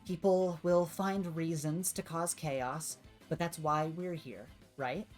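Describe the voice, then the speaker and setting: A woman plays a dutiful teenage girl who keeps order at a superhero school. She scolds and lectures in a low, firm voice. Faint music plays underneath. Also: steady tone, takes it slowly, a little mellow. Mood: stern. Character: stern dutiful teen girl honor-roll leader.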